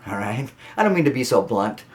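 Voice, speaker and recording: A man's voice: mid-range voice, sing-song, brisk. Blunt man giving breeder advice. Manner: blunt, emphatic, repeats instructions. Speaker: ball python breeder. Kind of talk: instructional talk to camera.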